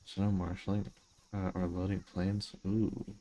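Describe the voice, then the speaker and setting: Young man, very low voice, casual game streamer, jokey and self-mocking, faint cricket noise behind. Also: little pitch movement, measured pace, warm tone, muffled recording. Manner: joking, self-mocking, reads chat messages aloud and answers them. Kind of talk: casual gaming livestream chat.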